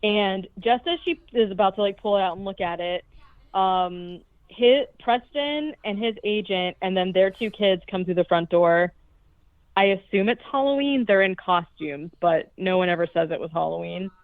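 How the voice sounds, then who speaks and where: A woman's voice: medium pitch, normal speed, no room sound. A woman podcast co-host recapping a horror movie in a chatty, profane way, with lots of "like". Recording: tinny phone-like, dry sound.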